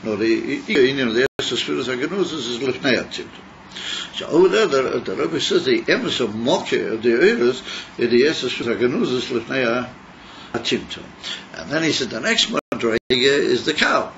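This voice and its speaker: Male teacher, mid pitch, halting delivery, muffled lo-fi class recording with faint hiss. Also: big pitch swings, a bit bright. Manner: halting, repeats words, mixes Hebrew terms. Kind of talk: Chassidus class.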